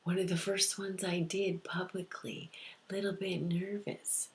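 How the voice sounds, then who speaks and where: Slow, creaky-voiced woman telling a story. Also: fairly low pitch, level tone. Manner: soft, often near-whispered, repeats phrases. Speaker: psychic medium. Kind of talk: personal storytelling vlog.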